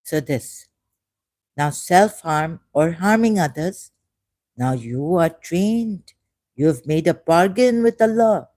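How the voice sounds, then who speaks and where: A woman from Pakistan giving a digressive personal monologue, dropping to soft asides and rising to emphatic outbursts while repeating phrases. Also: lowish voice, animated, slow, no echo. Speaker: ex-Muslim speaker sharing his views.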